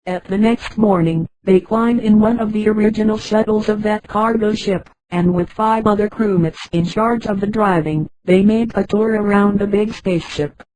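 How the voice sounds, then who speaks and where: A woman's voice: mid-range voice, moderate pace, hardly any pauses, dry recording, poor audio. Synthetic female voice reading a story. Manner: flat text-to-speech reading that speaks punctuation names aloud. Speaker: narrator.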